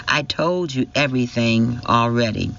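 A man's voice: medium pitch, normal speed, creaky, dull audio. A man reading as a cornered, snapping woman. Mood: strained. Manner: sharp, snapping. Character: defensive secretive woman, strained and cornered.

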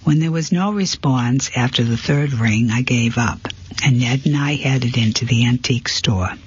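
A man narrating a first-person mystery story in a steady, plain manner, on a dull, lo-fi recording. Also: medium pitch, normal speed, breathy edge. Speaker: audiobook narrator. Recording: dull, lo-fi, dry.

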